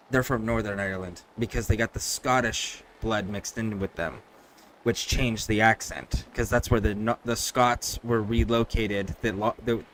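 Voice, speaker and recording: A man's voice: lowish voice, fairly bright tone, a little hiss or hum. A man streaming a video game, talking casually and rambling through his thoughts with frequent restarts. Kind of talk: casual gameplay commentary.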